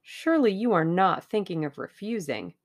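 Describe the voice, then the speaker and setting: A woman doing a smooth scheming businessman. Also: on the low side, very animated, normal speed. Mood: smooth, persuasive. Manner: genial and persuasive.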